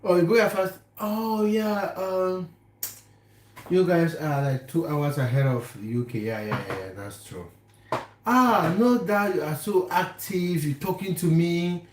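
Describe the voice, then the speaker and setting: A man's voice: a little high, expressive, unhurried. A young man from Cameroon hosting a casual livestream from his kitchen, chatting with and teasing viewers by name as he reads their comments. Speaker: livestream host. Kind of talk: casual live chat reading viewer comments. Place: home kitchen. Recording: echoey kitchen room.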